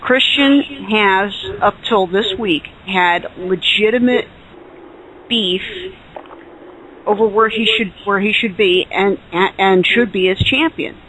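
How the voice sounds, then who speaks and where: A man's voice: high-pitched, slow, pushed and bright, poor audio. A man co-hosting a casual podcast chat, opinionated and exasperated. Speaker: podcast co-host.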